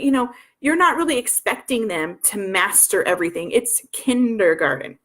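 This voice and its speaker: A woman's voice: a little high, fairly bright tone. A woman in her thirties, a homeschooling mother telling her story in a rambling way, full of restarts and asides. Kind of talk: personal storytelling.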